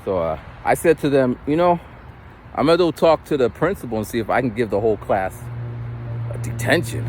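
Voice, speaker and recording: A man who works as a teacher, telling stories in a casual chat while walking outdoors, mimicking other people's voices with big jumps in pitch. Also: expressive, moderate pace, long pauses, darkish tone, slight background noise, rough recording. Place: outdoors on a street. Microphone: phone camera held while walking.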